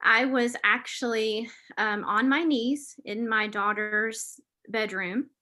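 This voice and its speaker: A woman's voice: a little high, fairly even intonation, slow, bright, forceful tone. A woman, an author and podcast host telling her personal story in an earnest, emotional way as an interview guest. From Southern United States.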